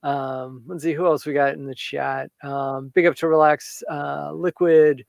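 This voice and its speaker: A man hosting a casual livestream interview, reacting briefly and giving relaxed shout-outs to the chat. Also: fairly high pitch, creaky, no echo, studio quality. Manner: laid-back, quick reactions and shout-outs. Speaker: livestream host.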